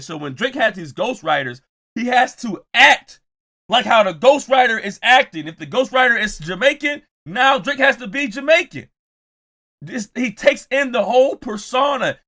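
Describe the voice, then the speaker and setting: A man hosting a reaction video, talking casually and teasingly, raising his voice and exaggerating for effect. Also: fairly high pitch. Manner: animated, teasing, shouts and exaggerates. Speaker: reaction channel host.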